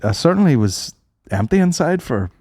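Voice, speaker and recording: A man's voice: on the high side, sing-song, moderate pace, darkish tone, no echo, clean studio sound. A man co-hosting a podcast, joking and swearing in casual banter. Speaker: podcast co-host.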